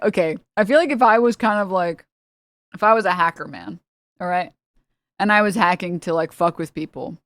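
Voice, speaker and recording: A woman's voice: lowish voice, no echo. A woman streamer giving casual, rambling, profane reaction commentary. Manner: rambling, profane, laughing often.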